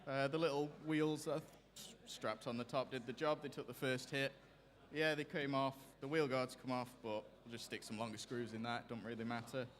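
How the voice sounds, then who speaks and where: Casual, hesitant male competitor, mid-pitched voice, reverberant hall. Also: fairly even intonation, moderate pace, a bit bright. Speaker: robot driver. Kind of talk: post-fight interview.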